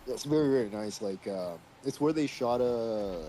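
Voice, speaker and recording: A man with a fairly low voice chatting loosely on a live stream. He rambles through his stories, stacking up filler words and casual swearing. He talks like he's hanging out with a friend. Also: lively intonation, fairly quick, few pauses, music in the background. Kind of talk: casual chat.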